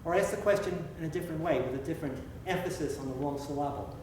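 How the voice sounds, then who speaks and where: A male pastor giving a conversational sermon, asking the congregation questions and slowing down for emphasis. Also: fairly high pitch, a little mellow, slight background noise. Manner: conversational preaching, slows for emphasis, asks questions. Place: church sanctuary. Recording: echoey church heard from a distance.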